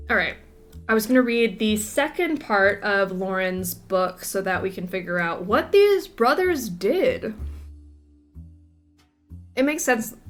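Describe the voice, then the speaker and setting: A chatty woman plays through a detective game, thinking out loud and reading game text in a middle-pitched voice. Soft guitar music plays faintly behind her. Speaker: gaming streamer. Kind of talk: casual let's-play commentary, reading game text aloud.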